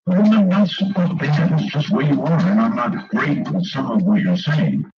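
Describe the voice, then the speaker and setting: A man's voice: medium pitch, lively intonation, moderate pace, soft background music. Chatty radio host guy, wry, bouncy voice, muffled old broadcast sound. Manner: chatty, wry, easily amused. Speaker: radio talk show host. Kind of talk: late-night call-in radio chat.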